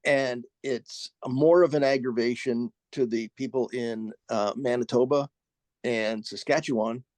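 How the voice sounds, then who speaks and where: A middle-aged man speaks in a mid-range voice, recorded close and dry. He talks haltingly, restarting his sentences as he gathers his thoughts. His humor is dry and understated. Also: mid-range voice, fairly even intonation, a little mellow, no room sound. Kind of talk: casual chat.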